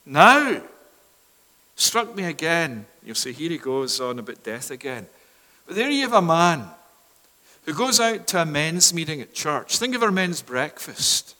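Man, preacher, sermon, high voice, swings from loud to hushed, reverberant church hall. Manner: swings from loud proclamation to hushed near-whispers. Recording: long reverb of a large hall.

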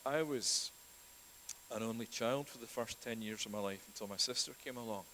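A man preaching a sermon, telling scripture stories earnestly, rising loud and dropping to near whispers. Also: mid-range voice, normal speed, a little hiss or hum, poor audio. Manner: earnest, storytelling with dramatic shifts in volume.

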